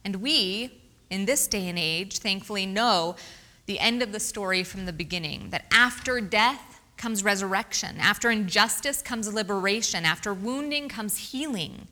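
A woman preaching a sermon, reading scripture aloud and asking the congregation questions in an expressive way. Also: medium pitch, moderate pace. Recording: reverberant hall.

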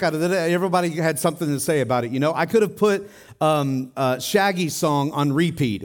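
A middle-aged man gives a sermon in a church, talking to his congregation in a chatty, conversational way. His voice sits a little on the higher side, and he often checks in with his listeners by asking them questions. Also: animated, fast talker. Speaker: pastor.

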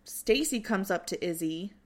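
A woman co-hosting a podcast, casually recapping a reality show, animated and swearing freely as she acts out what people said. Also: medium pitch, normal speed. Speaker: podcast co-host.

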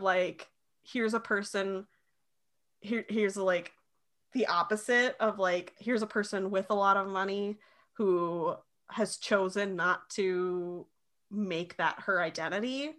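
Woman podcast co-host; bright, casual, giggly. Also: medium pitch, a little slow. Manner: chatty, many "like" fillers, giggly. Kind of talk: casual chat recapping a show.

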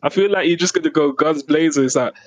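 A young British man co-hosting a casual podcast chat, animated and quick to act out quoted voices, with laughs. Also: fairly high pitch. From Britain. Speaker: podcast co-host.

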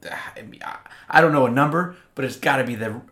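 A man co-hosting a casual beer-tasting podcast, talking in an animated way with quick restarts. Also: medium pitch. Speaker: podcast co-host. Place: Austin.

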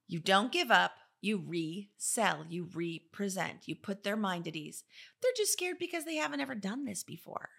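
A middle-aged woman, an interior designer and business owner, telling stories and giving advice in a chatty, animated way, often acting out what people said. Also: mid-range voice, normal speed, creaky. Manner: chatty, animated storytelling with quoted voices. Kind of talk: casual advice talk.

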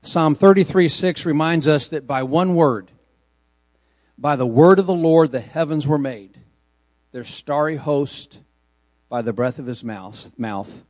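A man's voice: on the high side, unhurried, a little mellow, no echo. A male pastor preaching a sermon, reading scripture aloud and stressing key words with emphasis.

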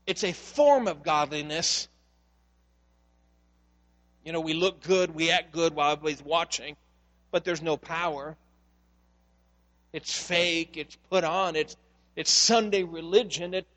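A man's voice: a little high, a little slow, pauses often, fairly bright tone. A male pastor preaching a sermon in a church, speaking earnestly and putting questions straight to the congregation.

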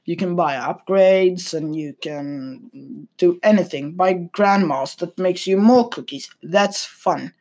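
A young man rambling casually at his computer, hesitant, with dry deadpan humor. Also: high-pitched, slow pace. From Sweden. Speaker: vlogger. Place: at a computer desk. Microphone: computer mic.

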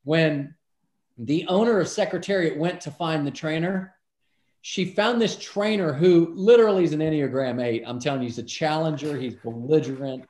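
A middle-aged man tells a story as a guest in a casual interview, and he acts out the people in it with lively voices. His voice sits a little high. The recording has a roomy echo. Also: normal speed. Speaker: podcast guest, businessman.

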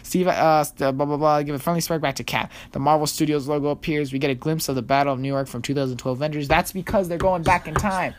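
A man reading a text aloud and breaking off into picky, animated rants, with casual swearing. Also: a little high, quick pace, hardly any pauses. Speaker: co-host reading a trailer breakdown. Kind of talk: casual podcast chat, reading aloud with commentary.

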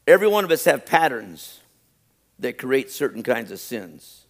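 A man's voice: medium pitch, very animated. A pastor preaching a sermon, repeating his phrases and stressing them with rising emphasis. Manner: reads a list slowly and deliberately.

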